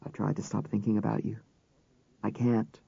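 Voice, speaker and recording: A male narrator voicing an earnest male FBI agent who speaks low, quiet and urgent. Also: little pitch movement, moderate pace, vocal fry, husky, no echo, exaggerated voice. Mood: tender. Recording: slightly dull audiobook recording.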